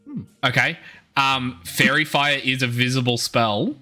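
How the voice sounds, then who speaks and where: A man runs a tabletop game, narrating scenes and calling for rolls with frequent ums and restarts. His voice is strikingly bright, with soft music playing faintly underneath. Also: mid-range voice. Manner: halting, many ums while describing scenes. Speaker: game master.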